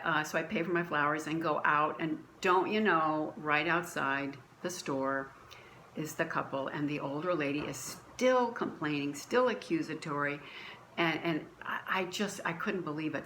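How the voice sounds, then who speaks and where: Woman, low voice, church testimony recorded at home, earnest, restarts often, faint hiss. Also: normal speed, bright, forceful tone, low-quality recording. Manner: earnest storytelling with many restarts. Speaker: church member sharing a testimony. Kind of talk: personal faith story, conversational. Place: at home, dining room.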